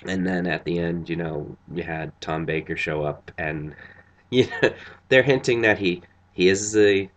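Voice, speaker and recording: Casting: tired male vlogger, very low voice, loose rambling review full of ums. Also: fairly bright tone. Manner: rambling, many fillers and restarts. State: tired after a long night. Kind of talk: casual spoken review.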